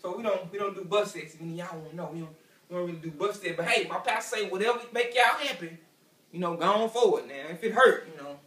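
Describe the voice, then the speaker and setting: A man working through a stand-up set, rambling and repeating his lines as he goes. His high, bright voice rings through an echoey room, caught by a camera some distance from him. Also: quick pace. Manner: loose, repetitive storytelling with asides to the crowd. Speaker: stand-up comedian. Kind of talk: stand-up comedy routine. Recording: echoey room picked up from afar.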